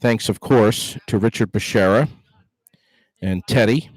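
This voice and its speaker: A man's voice: on the low side, measured pace, husky, no room sound. A man hosting a live broadcast outside a movie theater, chatty and upbeat, with frequent fillers and restarts, speaking into a handheld microphone. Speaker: host. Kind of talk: casual live outdoor broadcast.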